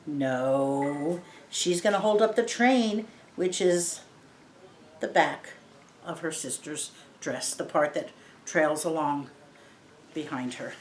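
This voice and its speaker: A woman's voice: fairly low pitch, takes it slowly, darkish tone, slight background noise. A woman reading a picture book aloud to children, patiently explaining each word in simple terms. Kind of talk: read-aloud lesson for kids. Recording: roomy echo.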